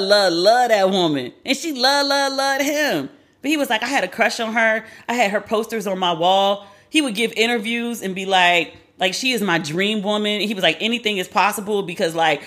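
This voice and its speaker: A woman's voice: mid-range voice, fairly bright tone. A woman hosting a podcast alone, talking in a chatty, candid, profane way. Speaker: podcast host. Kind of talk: casual solo commentary.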